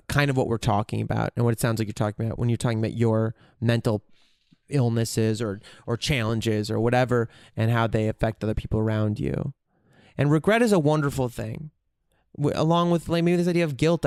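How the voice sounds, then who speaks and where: A man's voice: mid-range voice, darkish tone, clear, resonant tone, no room sound, clean studio sound. A man hosting a solo podcast, talking candidly and profanely as he thinks aloud, often restarting his sentences. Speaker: podcast host. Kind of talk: reflective solo podcast monologue.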